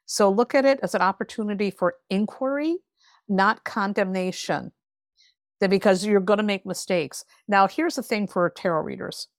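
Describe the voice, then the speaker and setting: In a podcast conversation, this rural woman, a tarot reader guest, offers blunt, emphatic, candid advice. She speaks at a normal speed in a mid-range voice, recorded dry and close with no echo.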